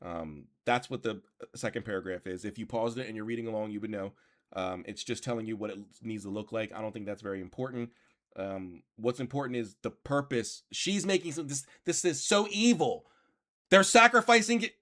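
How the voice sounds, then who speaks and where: A man's voice: lowish voice, fairly quick, fairly bright tone. A man hosting a reaction commentary, reading passages aloud and arguing back in an exasperated tone, swearing now and then. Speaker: commentary channel host.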